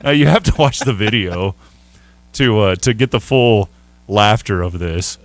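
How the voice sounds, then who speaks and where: A man's voice: lowish voice, a little slow, dry recording. A man hosting a sports radio show, talking casually and jokingly in a studio. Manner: animated, chatty, jokey.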